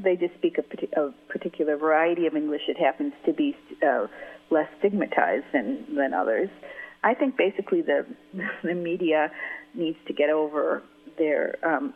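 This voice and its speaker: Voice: medium pitch, breathy edge. A language expert arguing assertively in an interview. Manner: assertive, argumentative. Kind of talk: opinionated interview talk. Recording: phone-like narrow band.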